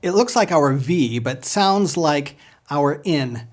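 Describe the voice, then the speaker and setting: A man's voice: on the high side, animated, slow pace. A man leading a patient pronunciation lesson, drilling sounds for the listener to repeat. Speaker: language teacher.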